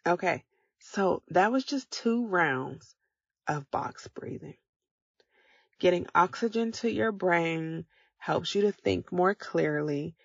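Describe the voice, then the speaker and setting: A woman's voice: fairly low pitch, lively intonation, takes it slowly, vocal fry, breathy edge, no echo, highs cut off. A woman hosting a motivational podcast, talking casually and encouraging her listeners step by step. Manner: encouraging, coaching listeners directly. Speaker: podcast host.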